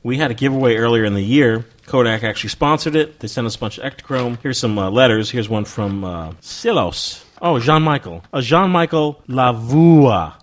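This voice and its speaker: A man hosting a casual podcast chat, reading listener letters aloud in a relaxed, joking way. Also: mid-range voice, a little fast, few pauses. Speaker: podcast host.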